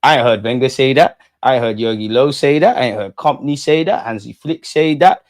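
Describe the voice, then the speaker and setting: Young guy on a live stream, ranting then joking with chat, mid pitch, dry room. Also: brisk, dry recording. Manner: animated, swings between ranting and joking with chat. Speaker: fan channel host. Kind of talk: casual live-stream chat reading comments.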